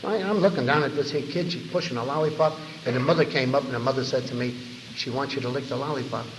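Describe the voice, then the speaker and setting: A man giving his recovery story to a meeting audience, an animated storyteller who acts out the voices he quotes and speaks straight to the listeners. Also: medium pitch, quick pace. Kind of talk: personal recovery testimony to an audience. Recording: echoey hall, faint background noise.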